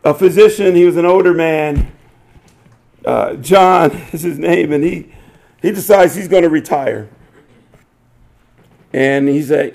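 A man's voice: fairly high pitch, a little slow, creaky, pauses often. An older man preaching a sermon as pastor, telling a joke with laughter before turning to prayer. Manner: animated, laughing storyteller.

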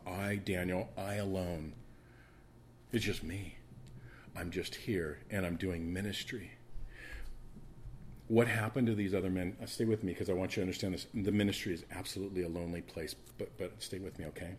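With a lowish voice, a man preaches a sermon that swings between loud, emphatic passages and hushed, quiet asides. He repeats words and restarts phrases for emphasis, with slight background noise present.

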